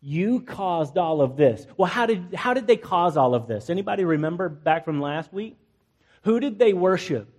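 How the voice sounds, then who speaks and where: A male pastor with a fairly high voice delivers a relaxed, conversational sermon. He jokes with his listeners and acts out the people in the story as he goes. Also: normal speed. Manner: acts out biblical characters in playful asides, jokes with the congregation.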